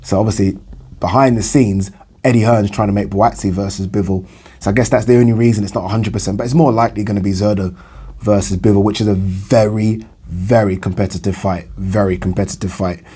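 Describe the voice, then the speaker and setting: A man's voice: on the low side, fairly even intonation, brisk, dark tone, breathy edge. An English man, a young adult, chatting casually about boxing news in a rambling way with lots of fillers and repeated phrases. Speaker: boxing vlogger. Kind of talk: casual solo boxing commentary.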